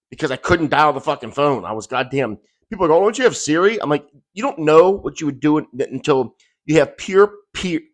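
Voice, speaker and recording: A middle-aged man tells a frightening story in a raw, profane, agitated rush. His voice sits in an ordinary middle pitch and swings between tense bursts and low, heavy stretches. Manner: profane, agitated, intense retelling. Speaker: rideshare driver. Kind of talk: emotional first-person storytelling.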